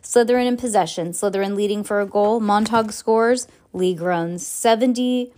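A woman voicing an excited male match commentator with eager, rising cheers. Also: mid-range voice, moderate pace, lightly acted.

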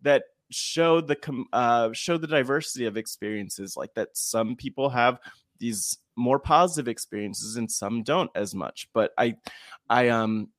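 A man's voice: medium pitch, a little slow, no room sound. Male podcast co-host, young adult, casual chat, earnest and chatty, dry close sound. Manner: earnest and chatty, with playful jokes.

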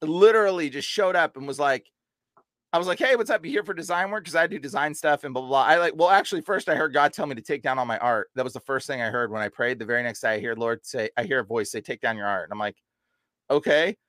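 A young man as a podcast guest, telling an animated story and acting out quotes with sudden jumps in pitch. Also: fast, no echo. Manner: excitable, acts out quotes with big pitch jumps. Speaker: podcast guest, deliverance minister. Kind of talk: animated storytelling in casual chat.

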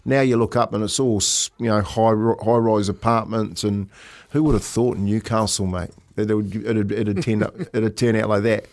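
A man's voice: fairly low pitch, fairly even intonation, normal speed, darkish tone. A middle-aged man from New Zealand, a podcast co-host telling stories in casual chat, rambling with many restarts.

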